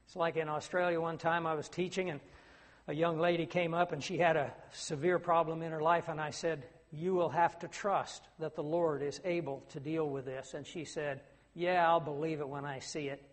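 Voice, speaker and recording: High-voiced preacher in a reverberant hall. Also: male voice, steady tone, normal speed. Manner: earnest, rising to emphatic declamation. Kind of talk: sermon.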